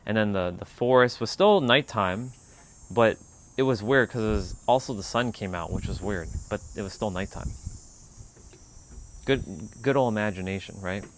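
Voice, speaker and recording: A man hosting a spiritual livestream, telling a personal story in a relaxed, rambling way with lots of "like.". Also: lowish voice, moderate pace, slight background noise.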